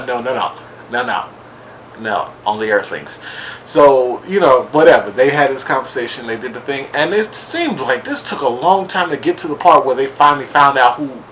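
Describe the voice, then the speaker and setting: A man's voice: on the low side, sharp tone, slight background noise. A man giving a casual solo recap of a reality show, rambling and sarcastic, full of asides. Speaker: podcast reviewer.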